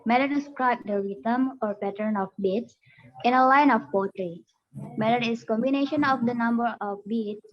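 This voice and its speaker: A woman's voice: a little high, moderate pace. A young woman student whose first language is Indonesian, reading a class presentation steadily from notes. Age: young adult. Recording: dull lo-fi recording.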